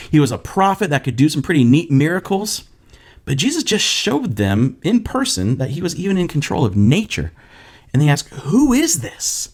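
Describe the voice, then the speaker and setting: A young man preaching a casual sermon. He tells a story and acts out the quoted voices with animated energy. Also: on the high side. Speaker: pastor.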